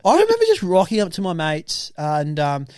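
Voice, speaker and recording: High-voiced excitable Australian young man. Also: moderate pace, clean tone, no echo, clean studio sound. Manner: excitable storyteller, acts out quotes. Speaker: podcast co-host. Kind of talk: casual chat.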